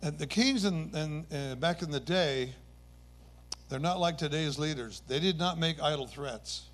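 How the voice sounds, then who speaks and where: A man's voice: a little high, a little slow. A man preaching a sermon, retelling scripture stories with earnest emphasis and occasional self-corrections.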